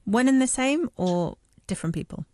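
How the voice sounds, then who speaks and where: A woman hosting a live radio interview, upbeat and quick to laugh. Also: on the high side, expressive, warm tone, no echo, clean studio sound. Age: adult parent. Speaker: radio host.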